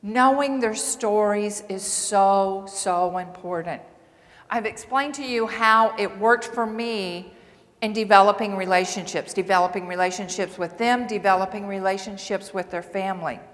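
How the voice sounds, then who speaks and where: A woman nursing assistant and coach giving an earnest, animated storytelling speech to a large audience. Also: medium pitch, moderate pace. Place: large hall before several hundred people. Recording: long reverb of a large hall.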